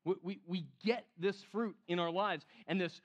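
A man preaching a sermon in an animated, conversational way, acting out the quotes he cites. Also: high voice, normal speed. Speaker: pastor.

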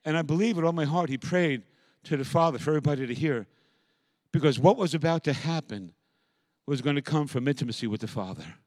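A man preaching a sermon as pastor, moving from quiet, reflective passages to loud, impassioned calls. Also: fairly high pitch, animated, fast talker, dry recording.

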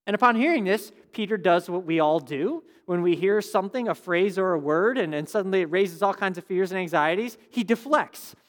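A fairly high-voiced middle-aged man preaches in a loose, joking, conversational way, as if chatting with his congregation. His voice rings out with a long hall reverb around it. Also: animated, a little fast, hardly any pauses. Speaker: pastor. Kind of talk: sermon.

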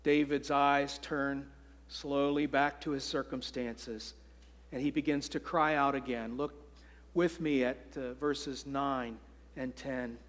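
Earnest preacher, male, unhurried, voice carrying through a reverberant hall. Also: mid-range voice, flat delivery. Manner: earnest preaching, slow deliberate phrasing. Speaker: pastor. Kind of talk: sermon.

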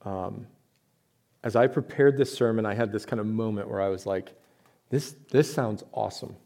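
A man's voice: on the low side, normal speed, a little mellow. A man preaching a sermon to his church, talking in a conversational way with rhetorical questions and emphatic points. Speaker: pastor.

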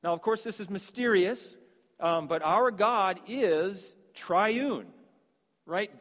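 A man's voice: high-pitched, takes it slowly, a bit bright, in a large hall, highs cut off. A man preaching a sermon, earnest and given to repeating words as he restarts his sentences.

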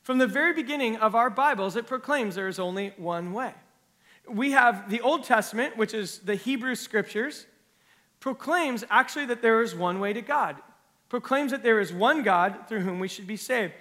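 A pastor delivering a sermon, his voice high and bright as he reads scripture passages aloud. He preaches earnestly, building up in force and then dropping low and quiet. His tone stays clear and ringing throughout. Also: moderate pace, long reverb tail.

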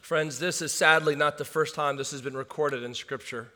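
A male pastor preaching a sermon, swinging from hushed asides to shouted urgency. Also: a little high, steady tone, normal speed. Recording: long hall reverb.

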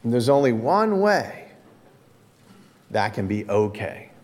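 A male pastor delivering a sermon at an unhurried pace. He talks conversationally and leans on key words for emphasis. His voice carries a long reverb, as in a large hall. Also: medium pitch, very animated, a little mellow. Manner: conversational preaching with dramatic emphasis.

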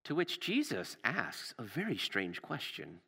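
Bright-toned male preacher in a hall. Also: huge pitch swings, measured pace, creaky, breathy edge. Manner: storytelling, rises for drama and drops low for tender words. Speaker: pastor. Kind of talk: sermon.

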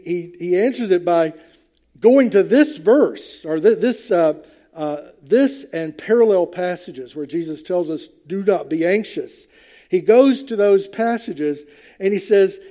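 Older man, pastor, sermon in church, high voice, earnest, conversational, hesitant. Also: warm tone. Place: church, before a congregation.

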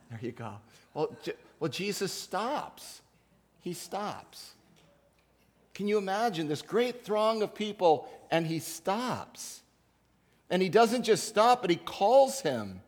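A man preaching a sermon as pastor, swinging between loud emphatic passages and quiet asides, with frequent filler sounds. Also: high-pitched, animated, takes it slowly, long reverb tail. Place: church sanctuary.

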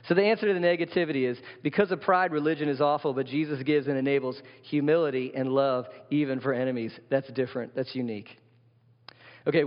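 Conversational male pastor preaching in a hall. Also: medium pitch. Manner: conversational preaching, poses questions to the congregation. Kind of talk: sermon. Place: church sanctuary. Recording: long hall reverb, dull lo-fi sound.

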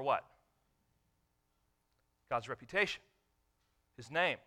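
A male pastor delivers a sermon, repeating key lines and posing questions to his listeners. He alternates between loud emphasis and quiet, drawn-out phrases. His voice sits on the high side and is expressive.

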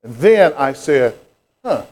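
This is a pastor, a middle-aged man with a slightly high, darkish voice and a moderate pace. He preaches a sermon, recounting a childhood story with growing fervor.

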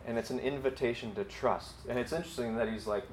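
A man's voice: mid-range voice, fast, reverberant, a little hiss or hum. A man preaching a conversational sermon, acting out dialogue and using frequent fillers. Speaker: pastor.

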